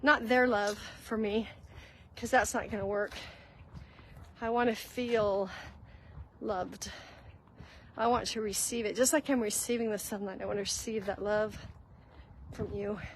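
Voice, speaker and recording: A woman's voice: mid-range voice, fairly even intonation, unhurried, long pauses, poor audio. Woman on a walk talking faith stuff, earnest and chatty, bit of faint outdoor noise behind. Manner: earnest and conversational, addresses listeners as guys. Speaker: host giving spiritual guidance. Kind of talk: faith-based walk-and-talk teaching. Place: walking outdoors.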